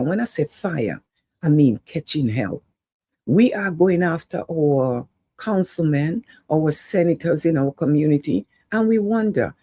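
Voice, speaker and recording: A woman's voice: sits low, dark tone, breathy edge, dry recording. A woman hosting an online talk show, giving an urgent, preachy monologue to her viewers and calling out some of them by name. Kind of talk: impassioned political monologue to viewers.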